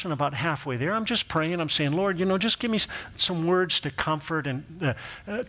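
A man's voice: fairly high pitch, fairly bright tone. A middle-aged male pastor telling a personal story in a sermon, acting out quoted voices and laughing along with his own jokes.

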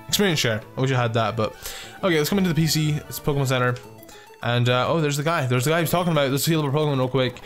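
A man giving casual commentary while playing a game, excitable, swearing freely and full of filler words. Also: medium pitch. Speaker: let's play gamer.

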